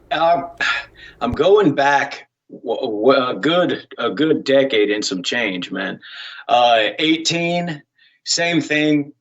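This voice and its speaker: A man, a musician guest, chatting casually in an unhurried, halting and profane way. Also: medium pitch, a bit bright, dull audio. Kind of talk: casual chat.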